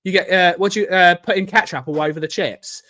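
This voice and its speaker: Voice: mid-range voice, brisk, sharp tone. A host in a casual live-stream chat, ranting emphatically with strong opinions.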